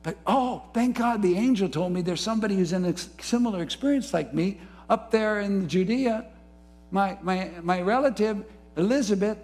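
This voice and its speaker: A man preaching a sermon, moving between soft, low musing and rising, fervent emphasis. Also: normal speed. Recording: faint music behind.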